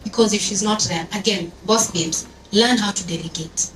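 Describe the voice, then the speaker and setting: A woman telling stories on an event panel in a lively, animated way, mixing English with Swahili phrases and drawing the audience in. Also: mid-range voice, moderate pace. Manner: animated, storytelling, code-switches into Swahili. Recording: echoey room from far off, noisy.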